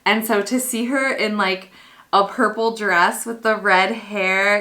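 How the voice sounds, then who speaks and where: A woman vlogging casually as she unboxes a gift, gushing and excitable, chatting with lots of fillers. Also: mid-range voice, slow pace. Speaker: costuming vlogger.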